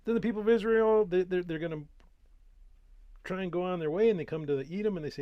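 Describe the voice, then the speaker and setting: A man's voice: on the high side, fast talker, no echo, highs cut off. Man explaining scripture casually. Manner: conversational, folksy, with restarts. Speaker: Bible reading host. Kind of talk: casual Bible teaching and scripture reading.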